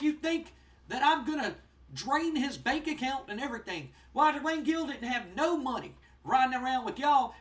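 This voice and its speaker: A man playing a boastful, indignant middle-aged wrestling manager as an impression in a wrestling sim playthrough, speaking in fast-talking hype. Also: very high voice, fairly bright tone, voice pushed up. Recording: voice distant from the mic.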